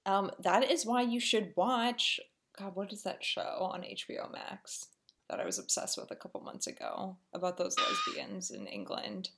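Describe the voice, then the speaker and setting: Excitable woman with a lively voice. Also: mid-range voice, normal speed. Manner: excitable, gasps and laughs. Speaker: podcast co-host. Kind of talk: casual chat.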